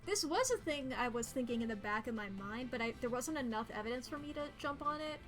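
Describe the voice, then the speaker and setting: A woman streaming a detective game, who reads its dialogue aloud and chats casually, joking and thinking out loud. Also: on the high side, lively intonation, brisk. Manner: chatty, jokey, thinks out loud.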